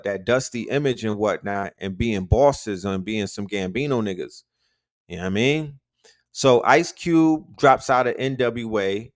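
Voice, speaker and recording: A middle-aged podcast host from Harlem, New York talks casually about hip hop history, slangy and emphatic, repeating points to drive them home. His voice is medium-pitched, recorded at studio quality with no room sound.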